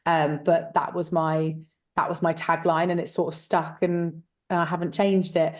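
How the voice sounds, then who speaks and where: A woman's voice: fairly low pitch, level tone, normal speed, a little mellow. A woman talking casually and frankly in an interview, telling stories with lots of fillers. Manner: chatty, frank storytelling with many fillers. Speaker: guest, letting agent.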